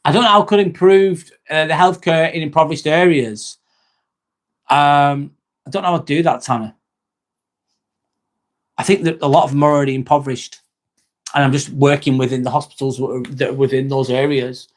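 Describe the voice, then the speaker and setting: A man's voice: fairly high pitch, fairly even intonation, a little fast, pauses often. A man, chatting bluntly and casually with viewers on a livestream, full of "um" and "mate". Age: 40s. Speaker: livestream host and nurse.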